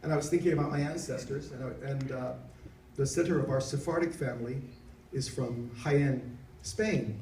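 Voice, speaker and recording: A man's voice: medium pitch, a little fast, a little mellow, a little hiss or hum. A middle-aged man, a reverend, giving an earnest, heartfelt personal testimony at a dinner. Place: banquet hall. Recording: echoey hall, mic far off.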